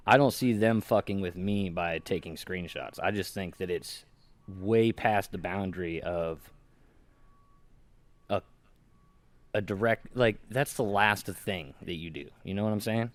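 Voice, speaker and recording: Low-voiced earnest man defending his view. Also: unhurried. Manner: earnest, defensive, talks about honor. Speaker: podcast co-host. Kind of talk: casual chat.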